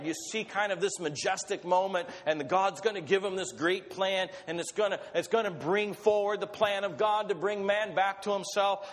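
A man preaching a sermon, reading scripture and breaking off for animated asides and self-corrections, in a church hall. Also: high-pitched, moderate pace, hardly any pauses. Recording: long hall reverb.

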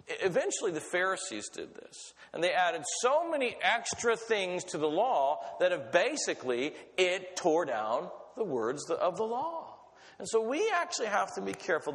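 A man preaching a sermon in an animated, conversational way, often asking his listeners questions. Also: high-pitched, big-room sound. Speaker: pastor.

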